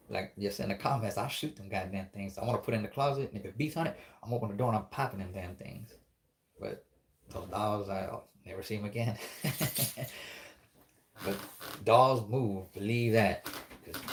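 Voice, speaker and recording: A man's voice: fairly low pitch, fairly quick, a little hiss or hum. A man telling a spooky story in a casual, rambling, profane way, acting out the dialogue as he goes.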